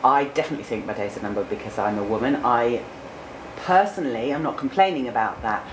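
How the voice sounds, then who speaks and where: Low-voiced chatty woman in her forties. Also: fast talker. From Cornwall. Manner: candid, chatty, with fillers. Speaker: interviewed news presenter. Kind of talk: studio interview answers. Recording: echoey room with noticeable background noise.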